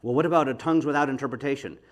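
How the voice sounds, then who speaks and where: A middle-aged man teaching a Bible study in a chatty, animated way, laughing often and checking in with his listeners. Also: mid-range voice, racing. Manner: animated, chatty, laughs often, talks to the audience with frequent "okay?".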